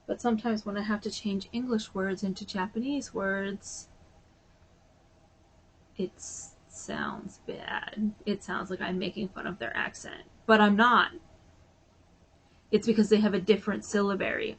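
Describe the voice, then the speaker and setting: A woman's voice: mid-range voice, level tone, moderate pace, fairly bright tone, slightly rough. Sleepy lady vlogger, chatty and rambly, lots of "like". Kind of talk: casual chat.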